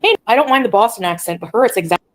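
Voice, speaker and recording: A woman's voice: medium pitch, lively intonation, very fast, rough recording. A woman on a casual livestream, talking bluntly, ranting and reading chat aloud.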